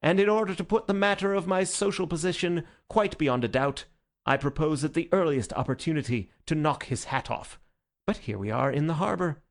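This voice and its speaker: A man voicing a tipsy, witty young gentleman in an audiobook, with a grand, bubbling delivery. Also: a little high, expressive, a little fast, gravelly, pitched above the performer's own voice. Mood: giddy. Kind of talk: audiobook character voice.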